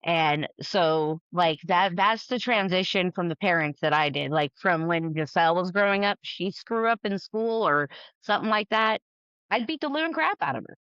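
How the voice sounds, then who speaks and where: A middle-aged woman, a mother and podcast guest, speaking frankly and profanely in casual chat with quick laughs. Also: fairly low pitch, expressive, a bit bright, clean tone, no echo. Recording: dull, lo-fi, dry sound.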